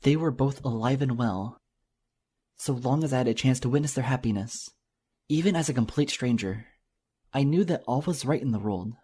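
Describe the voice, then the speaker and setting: A man reading a first-person story aloud in a reflective, measured manner. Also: medium pitch, mellow, breathy edge. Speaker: audiobook reader.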